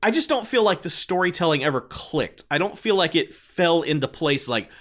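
A man chatting about films as a podcast co-host, his voice sitting a bit high. He is animated and profane. He keeps slipping into acted-out reactions. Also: moderate pace. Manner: animated, swears freely, acts out reactions. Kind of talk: casual film review chat.

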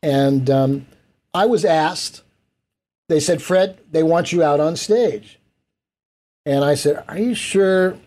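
Warm-voiced man telling a story. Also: a little high, slow pace, long pauses. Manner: animated anecdotes, acts out quoted voices. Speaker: interview guest, event producer. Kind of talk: storytelling in casual interview.

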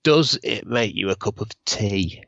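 A man's voice: fairly low pitch, expressive, a little slow, gravelly, fairly bright tone, highs cut off. A man in casual chat, joking and self-mocking as a quiz contestant. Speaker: podcast co-host, quiz contestant.

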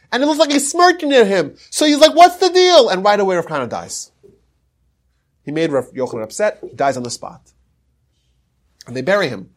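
A man's voice: a little high, breathy edge. A man hosting a podcast, retelling an old story in a casual lecture and slipping into the characters' quoted lines. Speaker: podcast host teaching history.

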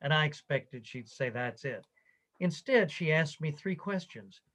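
An older man, the interviewee, recounting his career story in a conversation, animated and quoting others as he goes. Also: on the high side, a little slow, poor audio.

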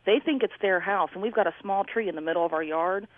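A woman's voice: medium pitch, fast talker, no room sound. Woman telling a story over a tinny phone line. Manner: animated, acts out neighbors' lines. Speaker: caller. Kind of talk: casual storytelling on a call.

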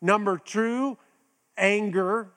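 A man's voice: extremely slow, fairly bright tone. A middle-aged man preaching a sermon in a conversational way, with many restarts, now and then acting out quoted voices. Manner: acts out quoted voices with raised pitch. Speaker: pastor.

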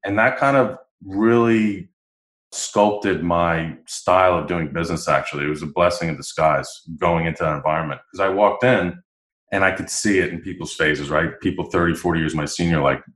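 A man with a deep, low-pitched voice tells stories as a guest in a casual interview. He talks with animation and acts out the voices of the people in his stories. The recording has a noticeable roomy echo. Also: moderate pace. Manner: animated, acts out quoted dialogue. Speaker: podcast guest.

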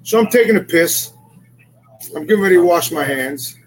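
A man with a high-pitched voice co-hosting a rowdy group chat, swearing freely and acting out the people in his stories. A faint background noise sits under his voice. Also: lively intonation, moderate pace, rough recording. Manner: boisterous, profane storyteller acting out dialogue. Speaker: podcast co-host.

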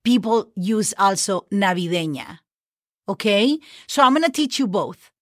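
A woman's voice: mid-range voice, animated, measured pace, no echo, clean studio sound. A woman from northern Mexico, a native Spanish speaker with a Mexican accent, teaching holiday vocabulary in a casual podcast lesson and spelling words out letter by letter. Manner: spells words letter by letter, frequent okays and fillers.

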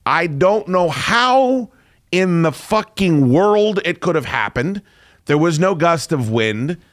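A man's voice: fairly high pitch, fairly bright tone, no echo, clean studio sound. A man in his forties hosting a radio show, telling a story in a profane, self-mocking rant. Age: 40s. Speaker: radio host. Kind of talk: casual on-air storytelling.

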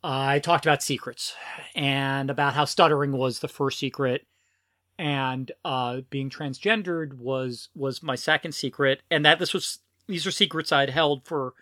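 Her voice is very deep, a bit bright, and slightly slow, recorded dry at studio quality. She is a middle-aged transgender woman co-hosting a podcast, rambling through casual chat, prone to giggles and forever cutting off and restarting her sentences.

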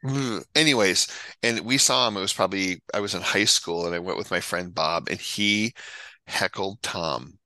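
A man's voice: low voice, moderate pace, bright, forceful tone, dry recording, rough recording. A podcast host chatting casually, rambling through a story and losing his train of thought. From Minnesota. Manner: rambling, trails off mid-story. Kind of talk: casual chat.

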